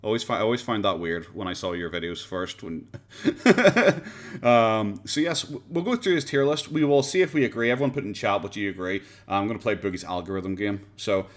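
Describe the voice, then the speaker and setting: Rambling and laughing through a casual reaction stream, an Irish host speaks quickly with few pauses in a fairly low voice. He swears casually as he chats. The stream comes from his home, pets nearby, captured on a USB condenser desk mic.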